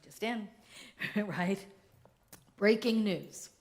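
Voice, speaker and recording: A woman presenting part of a church service, excited and emotional as she talks. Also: mid-range voice, extremely slow, creaky. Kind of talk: casual church service talk.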